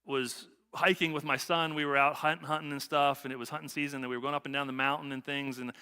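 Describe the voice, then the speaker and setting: A man's voice: mid-range voice, little pitch movement, fast, bright, forceful tone, smooth. A middle-aged male pastor preaching a conversational sermon, often repeating himself and asking "right?". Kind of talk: sermon with personal story. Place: church sanctuary. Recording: long church reverb.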